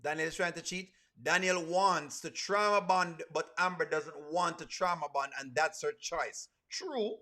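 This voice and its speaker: A man with a Jamaican accent giving animated, teasing reaction commentary and talking about himself in the third person. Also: a little high, moderate pace, few pauses. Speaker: reaction video host. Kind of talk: casual comedic reaction commentary.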